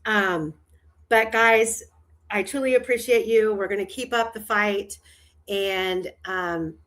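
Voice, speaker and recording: A woman takes her time in a medium-pitched, fairly bright voice while hosting a laid-back livestream chat. She rambles and trails off, restarting often and laughing a lot.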